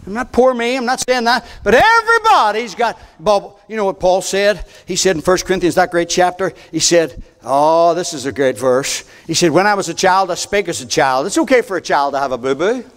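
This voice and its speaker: Older folksy preacher, high-pitched. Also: male voice, animated, brisk, few pauses, fairly bright tone. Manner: folksy, fired-up, repeats words, drops into conversational asides. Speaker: pastor. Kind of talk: preaching a sermon. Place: church sanctuary at the pulpit.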